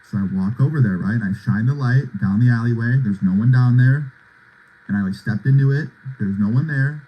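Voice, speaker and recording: A man's voice: medium pitch, fairly quick, breathy edge, muffled recording. A young man casually telling a long personal story, talking loosely with lots of "like" and "right?" as he goes. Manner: loose, filler-heavy retelling with lots of "like" and "right?".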